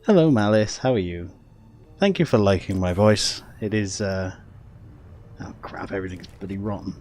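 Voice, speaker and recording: A man's voice: fairly low pitch, expressive, moderate pace, darkish tone, soft background music. A man with a Welsh accent giving casual gameplay commentary as a streamer, chatting with viewers and laughing often.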